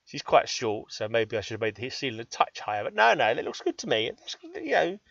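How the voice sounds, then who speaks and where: A man's voice: mid-range voice, very animated, quick pace, creaky, fairly bright tone, no echo, lo-fi sound. An English man rambling cheekily through gameplay commentary, joking at his own expense. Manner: cheeky, self-deprecating, chatty. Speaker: gaming channel host.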